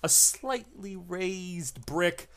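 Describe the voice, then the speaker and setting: Animated male game master. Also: sits high, extremely slow. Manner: lively, acts out lines in shouts. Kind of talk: narrating a tabletop horror game.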